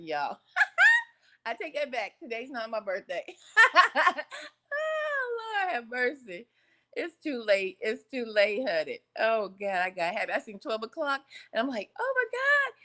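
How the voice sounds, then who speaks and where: Lively woman vlogging with preacher cadence. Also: a little high. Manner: animated, laughs often, preacher-like cadence. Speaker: channel host. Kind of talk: casual vlog talk to viewers.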